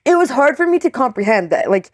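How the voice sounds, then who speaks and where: A young woman tells a story with lots of energy, her fairly high voice jumping up whenever she quotes someone. The sound is close and dry, with no room echo. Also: quick pace. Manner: animated storyteller, many "like"s, acts out quotes in a higher voice. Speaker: co-host. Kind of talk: casual storytelling.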